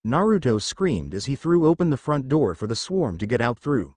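A man narrating a fan fiction story in an animated storytelling manner. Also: mid-range voice, moderate pace, no echo.

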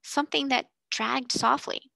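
Lady doing a proud little girl, brave and earnest, slightly raised pitch. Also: steady tone, a little slow, vocal fry, dry recording, exaggerated voice. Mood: alert. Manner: bright and earnest, fierce when angry.

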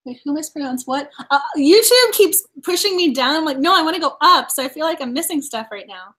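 A bubbly woman from Massachusetts chats casually on a live book club stream, laughing easily between thoughts. Her voice sits high and light. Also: expressive, fairly quick. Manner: bubbly, laughs often while talking.

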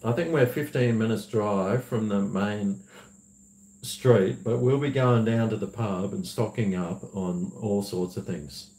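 A man's voice: on the low side, a little slow, warm tone. A man who hosts a livestream, chatting casually, rambling and laughing as he reads viewer messages. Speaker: livestream host. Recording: roomy echo.

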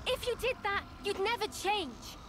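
A woman's voice: very high voice, very animated, moderate pace, background noise. An actress playing a spirited young female warrior in a video game, earnest and persuasive. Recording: game audio under loud music.

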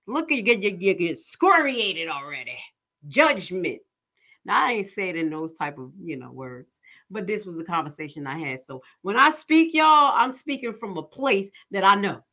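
A young adult woman reacting on her channel, telling a blunt, profane and animated story in casual commentary. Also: medium pitch, moderate pace. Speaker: reaction video host.

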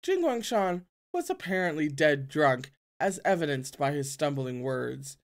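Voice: medium pitch, very animated, a little slow. A reader narrating a novel aloud with asides, often tripping over words and correcting them. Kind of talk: reading a novel aloud with commentary.

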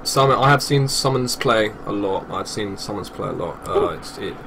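A man from the UK, chatting casually on his game stream, excitable and repeating himself. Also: fairly low pitch, normal speed, vocal fry, over music.

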